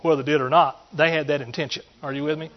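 A middle-aged preacher speaks very fast in a steady, fairly high voice with a drawl. His folksy, conversational sermon swings from loud emphatic points to quiet asides as he repeatedly checks in with the congregation, recorded in dull lo-fi sound.

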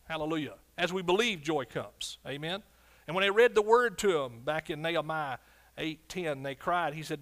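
Preaching from the pulpit, a male pastor shifts between forceful statements and quiet asides, often asking the congregation for an amen. His pitch is slightly high and his pace moderate.

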